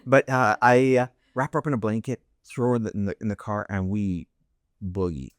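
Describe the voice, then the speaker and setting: Low-voiced man telling a story. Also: brisk, no room sound, studio quality. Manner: animated storyteller, acts out voices, many restarts. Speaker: host. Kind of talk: casual interview chat, telling a family story.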